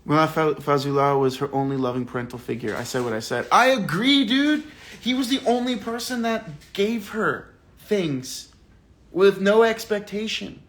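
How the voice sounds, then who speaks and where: A man with a slightly raised pitch hosts a live online book club. He talks casually and with animated indignation, reading out viewer comments and reacting to them with slang and the odd curse.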